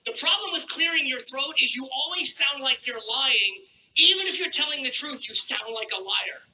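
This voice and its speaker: A man doing a crude stand-up routine on a theater stage with a handheld mic, brash and mock-outraged, troubled by his throat and clearing it. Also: extremely high pitch, expressive, normal speed, sharp tone, low-quality recording. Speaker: stand-up comedian. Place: theater stage before a live audience.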